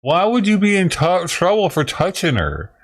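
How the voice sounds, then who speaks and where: A man's voice: sits high, wildly swooping pitch, moderate pace, noisy background. A man reacting to a video in casual, crude and heavily profane commentary, sounding exasperated. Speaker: reaction streamer.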